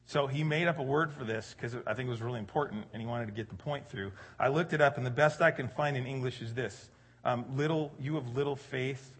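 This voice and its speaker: A middle-aged man preaching a sermon in a relaxed, conversational way, joking with the congregation and rising louder for emphasis. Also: mid-range voice, husky. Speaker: pastor.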